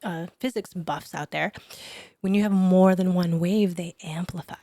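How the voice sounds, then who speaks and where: A woman chiropractor, a guest on a podcast, telling a personal story in an animated way and dropping to a whisper for her remembered thoughts. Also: fairly low pitch, normal speed, no room sound, studio quality. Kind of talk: storytelling in an interview.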